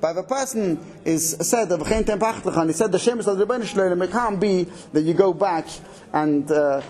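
A man giving a Torah lesson on prayer law, explaining quickly and animatedly, with many Hebrew and Yiddish terms mixed into his English. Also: high voice, darkish tone. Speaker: Torah teacher. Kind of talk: halacha class.

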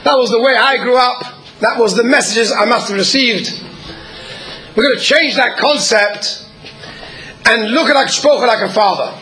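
A man, apparently a rabbi, giving an earnest sermon at a measured pace, pausing often and sometimes clearing his throat. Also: very high-pitched, bright, forceful tone, poor audio.

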